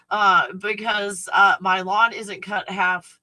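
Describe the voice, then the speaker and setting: A woman's voice: mid-range voice, a little slow, few pauses, pushed and bright, dry recording, poor audio. A woman hosting a casual live stream from home, blunt and freely swearing, cooing in baby talk at her dog.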